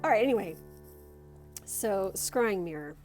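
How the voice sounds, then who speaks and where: A woman with a medium-pitched, slightly mellow voice and lively intonation speaks at a measured pace over soft background music. Giving a casual pick-a-card tarot reading, she gushes encouragement, swears casually, and shifts between reading card text aloud and chatty asides.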